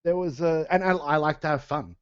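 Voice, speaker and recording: A man's voice: a little high, brisk, clear, resonant tone, no room sound. Give me a man telling band stories with lots of laughs and restarts, on a dry, dull-sounding recording. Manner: laughing often, restarting sentences. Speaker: podcast co-host and metal band singer. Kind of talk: casual podcast chat.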